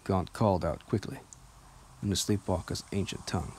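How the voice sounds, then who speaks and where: A man narrating an audiobook in a steady, measured reading voice. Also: sits low, slightly rough. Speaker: audiobook reader.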